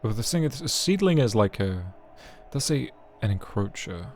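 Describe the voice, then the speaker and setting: A man's voice: fairly low pitch, very animated, normal speed, darkish tone, a little hiss or hum. A young man streaming a game, thinking aloud, reading riddles and swearing in casual commentary.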